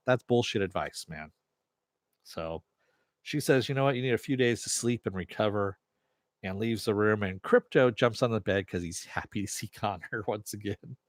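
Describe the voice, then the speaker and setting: A man's voice: lowish voice, normal speed, no room sound, clean studio sound. A man hosting a casual TV recap and review, chatty with sarcastic asides and the odd swear. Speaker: TV review host.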